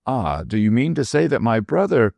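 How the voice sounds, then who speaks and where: Man playing a shrill tiny dwarf woman, sly, teasing, gravelly, lively swings in pitch, storybook. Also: normal speed, dry recording. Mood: teasing, sharp. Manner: sharp, teasing, whimsical. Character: tiny shrewd mischievous old woman dwarf.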